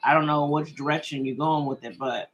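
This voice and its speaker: A woman's voice: low-pitched, fairly even intonation, a little fast, dull audio, soft background music. A middle-aged woman hosting a casual live-stream tarot reading, chatty and reassuring, reading viewer comments aloud and laughing often.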